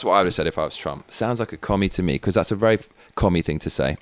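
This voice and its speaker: A man's voice: low-pitched, racing. A British man hosting his own show, giving blunt, sweary political commentary with rambling asides. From Britain. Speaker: show host.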